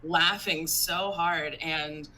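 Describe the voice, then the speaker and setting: Woman comic on video call, lowish bright voice, deadpan dark jokes, faint hiss. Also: extremely slow, poor audio. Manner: casual, dark humor, "like" fillers. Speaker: comedian panelist. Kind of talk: casual personal storytelling.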